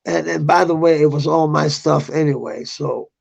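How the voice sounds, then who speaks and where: A man's voice: fairly high pitch, moderate pace, vocal fry, lo-fi sound, a little hiss or hum. A middle-aged man telling a personal story in a rambling, profane way, with bitter outbursts.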